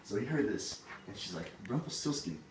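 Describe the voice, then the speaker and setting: Retelling a fairy tale, a storyteller speaks low and at a moderate pace, chatty and casual and full of "like" and "he's like." The sound is roomy and distant, with background noise.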